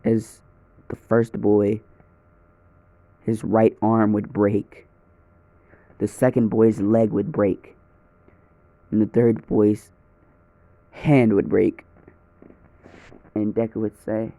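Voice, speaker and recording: Slow, dark-voiced man rambling through a fan story. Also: on the low side, level tone, no room sound. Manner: rambling, casual, swears freely. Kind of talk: improvised fan story narration. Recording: dull lo-fi recording.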